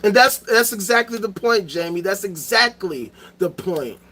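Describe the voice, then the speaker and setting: High-voiced man in a profane rant. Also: moderate pace. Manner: animated, profane, repetitive ranting. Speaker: host. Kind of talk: ranting commentary.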